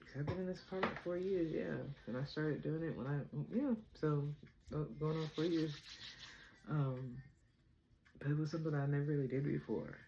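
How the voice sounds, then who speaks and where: A woman hosting her own chat vlog from home, talking fast and bubbly about spiritual topics and laughing often. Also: deep voice, noisy background. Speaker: vlog host. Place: home apartment.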